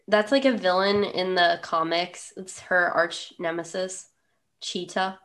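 A woman's voice: fairly low pitch, steady tone, unhurried, a bit bright. A woman co-hosting a casual podcast, recapping a film scene by scene with sarcastic, mocking commentary. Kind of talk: casual chat.

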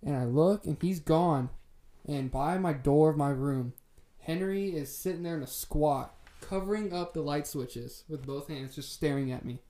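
Young male co-host, slightly high voice with a mellow, relaxed tone, rambling and cursing casually as he tells a story. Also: normal speed. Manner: laid-back, swears freely, lots of fillers. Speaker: podcast co-host telling a story. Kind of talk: casual storytelling among friends.

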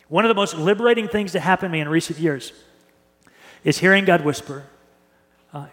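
A male pastor preaching a sermon in an earnest way, often repeating and restarting words and reading scripture slowly. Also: sits high, a bit bright. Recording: reverberant hall.

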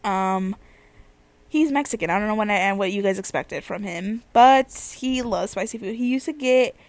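A young woman telling a casual story as a vlogger, animated and slangy, swearing freely. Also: medium pitch, normal speed, no room sound.

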